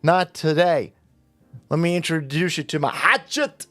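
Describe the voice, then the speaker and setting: A defiant Scottish teen girl, mimicked by a man in a clumsy, mocking put-on accent. The voice sounds cocky and dismissive, like a quick joke within a commentary video. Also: on the high side, lively intonation, a bit bright, faint music behind.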